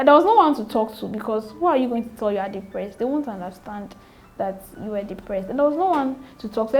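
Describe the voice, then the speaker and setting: Her voice is fairly high with a darkish tone: a young adult woman, Ghanaian-accented, guesting on an interview as a new mother. She tells her story earnestly and candidly, repeating phrases and playing out remembered exchanges.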